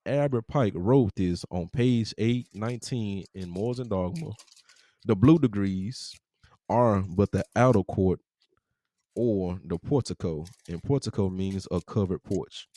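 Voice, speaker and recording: Deep, mellow-voiced man reading and commenting. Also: measured pace, no room sound. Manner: casual, profane asides between quotes. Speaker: podcast host.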